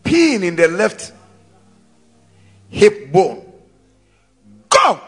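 Fervent high-voiced male pastor shouting prayers. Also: wildly swooping pitch, very slow, slightly rough, soft background music. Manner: repetitive chanting, rising into shouts. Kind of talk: fervent prayer and exhortation to a congregation. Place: church service.

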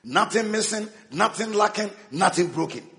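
A bishop preaching with a high voice that rises and falls animatedly. He hammers his points home through repetition and calls on the congregation to answer back. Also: animated, normal speed, fairly bright tone. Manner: emphatic call-and-response preaching with repetition. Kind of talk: sermon.

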